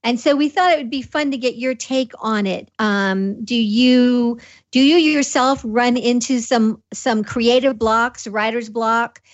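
Slow-speaking woman co-host, slightly muffled. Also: fairly high pitch. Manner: slow, hesitant, with frequent ums. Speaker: radio co-host. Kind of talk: interview questions.

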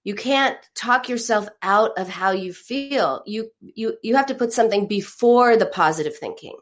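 A middle-aged woman in a counseling conversation, speaking at a middle pitch. She explains ideas patiently and slips into the voices of the people in her stories. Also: expressive, moderate pace. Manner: explains through stories, acts out quoted voices. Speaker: therapist.

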